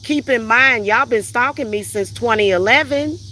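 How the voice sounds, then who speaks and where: On the high side with a sharp tone, her voice moves at a moderate pace against slight background noise. A spiritual reader hosting a livestream, she reads out comments from chat and retorts in a heated, profane, combative rant.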